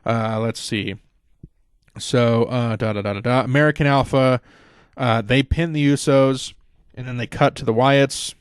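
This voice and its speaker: A man talks through a podcast recap at a middle pitch, loose and rambling and full of fillers. He swears freely, and the recording sounds dry and close, with no room echo. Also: steady tone, a little slow, clean tone. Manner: rambling, profane, many fillers. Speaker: podcast host. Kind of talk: casual wrestling recap.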